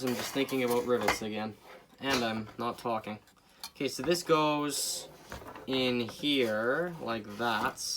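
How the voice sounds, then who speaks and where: A man hosting a casual repair video, rambling and joking to his viewers as he works, often away from the camera and now and then breaking into loud bursts. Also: mid-range voice, background noise. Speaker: hobbyist video host repairing a clock. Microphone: camera mic, speaker often away from camera.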